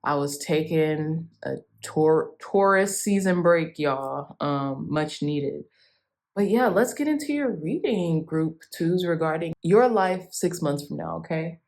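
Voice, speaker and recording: A woman's voice: sits low, slow, darkish tone. A woman giving a chatty, effusive tarot reading straight to her viewers. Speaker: tarot reader.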